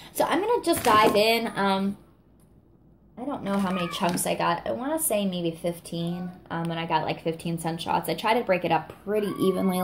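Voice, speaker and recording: A woman chatting excitedly in a casual product review vlog, full of fillers and little laughs. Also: mid-range voice, slight background noise. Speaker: wax melt reviewer.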